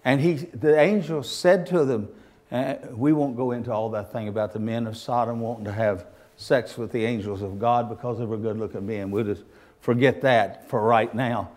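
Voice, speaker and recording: A man preaching a fervent sermon, swinging from hushed asides to loud dramatic calls. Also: mid-range voice, steady tone, normal speed.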